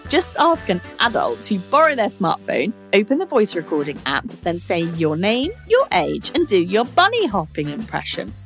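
A woman hosting a children's science podcast, explaining things to young listeners in a playful, animated way. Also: medium pitch.

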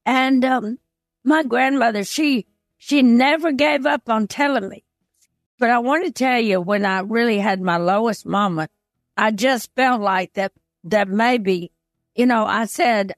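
A woman's voice: fairly high pitch, unhurried, no room sound, studio quality, faint music behind. An older woman as an interview guest, telling a personal story in an earnest, heartfelt way. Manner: earnest, heartfelt, retells past conversations.

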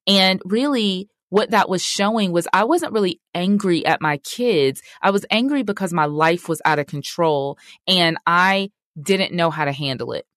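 A woman's voice: fairly low pitch, fairly bright tone, no echo, studio quality. A middle-aged woman, hosting a personal faith talk in a candid, conversational way that speaks straight to her listeners. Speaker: podcast host.

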